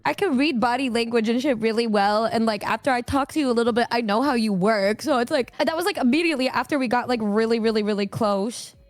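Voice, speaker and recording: A young woman streamer in casual chat, relaxed, swearing freely and leaning on fillers. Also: on the high side, fast talker, few pauses, no room sound. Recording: dry close sound with faint music.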